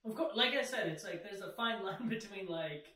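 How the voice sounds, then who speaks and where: A man's voice: sits high, lively intonation, moderate pace, sharp tone. A man co-hosting a casual podcast, hesitant and giggly, filling his talk with "like" and "uh". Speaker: podcast co-host. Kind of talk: casual chat. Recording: echoey, distant mic.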